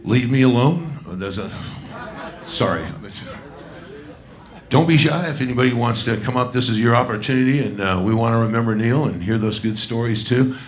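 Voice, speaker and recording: A man's voice: medium pitch, normal speed. A man, a bandleader emceeing a live tribute on a small pub stage, loose and coaxing with the crowd.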